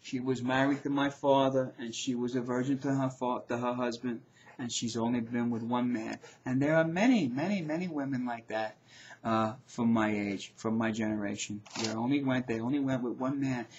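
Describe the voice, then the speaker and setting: A middle-aged man hosting his own show, ranting in a loud, profane, repetitive way. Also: mid-range voice, normal speed, muffled recording, a little hiss or hum. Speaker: show host. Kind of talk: ranting video commentary.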